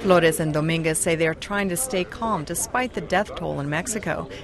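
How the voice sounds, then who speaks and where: A woman reporting as a radio news correspondent in a measured, scripted narration. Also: low voice, a crowd in the background.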